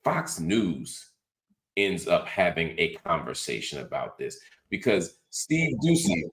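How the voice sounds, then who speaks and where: A middle-aged man with a deep, low voice hosts a political commentary show. He talks in a lively, sarcastic way and drops mocking asides as he goes. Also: slow. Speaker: host.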